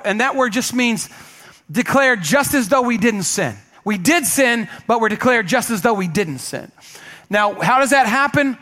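Male pastor, high-pitched, emphatic sermon delivery, call-and-response with the congregation. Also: fairly bright tone. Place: church sanctuary.

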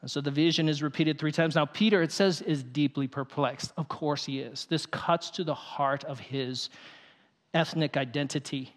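A male pastor preaching a sermon, telling the story in an animated way with quick asides. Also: fairly high pitch. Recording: long hall reverb.

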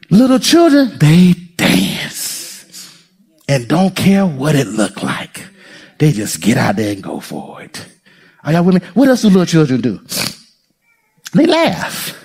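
A man preaching a sermon as pastor, playful and lively, laughing often and talking straight to the congregation. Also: a little high, husky.

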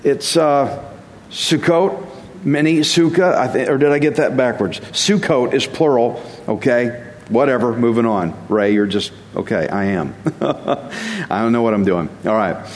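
A man's voice: mid-range voice, measured pace, slight background noise. A man giving a casual sermon as a Bible teacher, conversational and self-deprecating, chuckling at himself now and then. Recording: long reverb.

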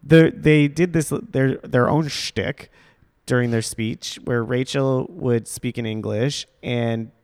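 A man's voice: medium pitch, slow pace, darkish tone, clean tone. A man hosting a wedding podcast as the planner, chatty and teasing, laughing often. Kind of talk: casual podcast chat.

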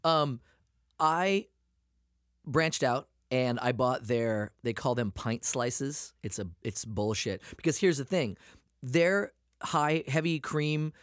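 Speaking slowly at a medium pitch, this man co-hosts a podcast in a clean studio recording with no echo. His casual chat is made up of animated stories laced with lots of profanity.

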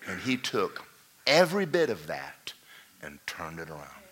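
A pastor in the middle of a sermon tells a jungle parable with lots of animation. His voice is lowish and carries a bright, forceful edge. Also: wildly swooping pitch, a little slow. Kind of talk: sermon storytelling.

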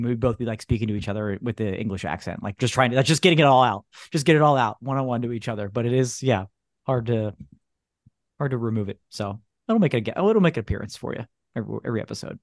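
An easygoing man on a casual podcast, telling stories at a relaxed pace with a ready laugh. His voice sits mid-range and sounds dry and close. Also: mid-range voice, quick pace, no echo. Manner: easygoing storyteller, laughs often. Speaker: podcast co-host.

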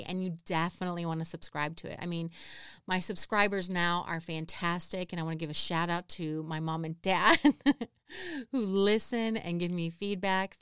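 A woman's voice: lowish voice, a bit bright, clean tone, no room sound, clean studio sound. A woman in her thirties hosting her own podcast, chatting casually and poking fun at herself, often laughing. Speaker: podcast host. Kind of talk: casual solo podcast chat.

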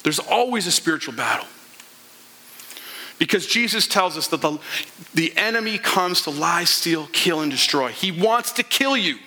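A man's voice: fairly high pitch, animated, moderate pace, pauses often, pushed and bright. A man preaching a sermon as a pastor, retelling a parable and acting out the characters' lines. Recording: long hall reverb.

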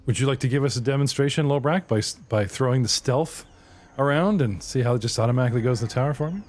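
A man's voice: mid-range voice, quick pace, a little mellow, a little hiss or hum. A middle-aged man from the United States running a tabletop game as game master, joking and laughing often.

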